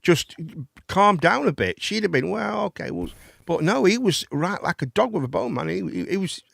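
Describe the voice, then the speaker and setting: A man's voice: high-pitched, very animated, moderate pace, gravelly, a bit bright, no echo, clean studio sound. A man, hosting a live chat and phone-in show, rambling and swearing casually. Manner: rambling, chatty, swears casually, calls people mate.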